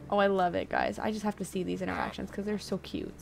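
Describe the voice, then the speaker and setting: A young adult woman giving casual, chatty gameplay commentary, excitable and quick to get frustrated. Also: mid-range voice, gravelly, faint music behind. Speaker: video game streamer.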